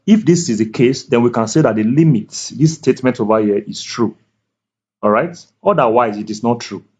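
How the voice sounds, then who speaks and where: A man tutoring math at a board, speaking slowly and deliberately, repeating key words and checking that the viewer is following. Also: medium pitch, a little mellow, breathy edge. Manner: slow, deliberate, repeats key words, asks "can you see that?". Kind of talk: whiteboard math lecture. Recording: dull lo-fi recording.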